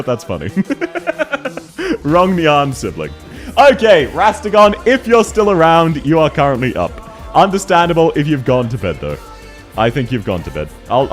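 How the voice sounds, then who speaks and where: A giggly young man on a game stream, chatting with his viewers and laughing between lines. His pitch swings widely and sits a little high for a man, with faint music under his voice. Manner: giggly, chatty, greeting chat viewers by name. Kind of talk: casual game-stream chat.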